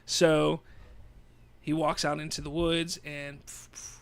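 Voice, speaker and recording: A man in casual podcast chat, walking through a story at length and padding it with "you know." His voice sits somewhat high for a man. He is talking across a table from a friend indoors. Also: little pitch movement, slow, gravelly. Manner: rambling, with many "you know" fillers. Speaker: podcast co-host. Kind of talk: casual chat, retelling a film plot.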